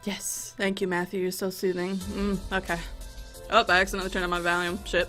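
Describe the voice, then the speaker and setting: Brisk and lowish in pitch, a young let's play host reads a visual novel's story aloud while faint music plays. She interrupts with expressive commentary full of swearing and jokes.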